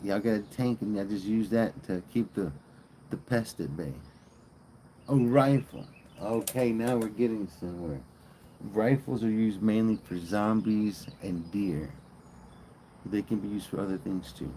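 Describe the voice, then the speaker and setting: A man's voice: fairly low pitch, a little slow, dark tone, a little hiss or hum. A man streaming live, rambling and joking in casual chat and swearing freely.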